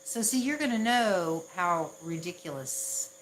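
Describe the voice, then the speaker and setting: A woman's voice: fairly low pitch, animated, measured pace, a little hiss or hum, rough recording. A woman from the Southern United States with a Southern accent, chatting casually on a livestream and laughing at herself often. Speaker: ASMR livestream host.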